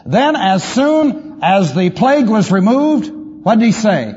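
A man teaching the Bible as a pastor, emphatic, asking rhetorical questions and swinging his pitch widely. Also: big pitch swings, measured pace, a little mellow, husky. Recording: lo-fi reverberant hall recording.

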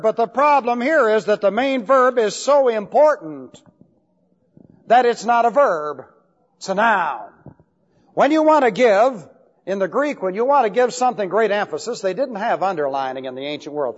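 A man teaching Bible Greek grammar in a classroom lecture, emphatic, repeating points and spelling out key words. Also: high-pitched. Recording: dull lo-fi recording with long hall reverb.

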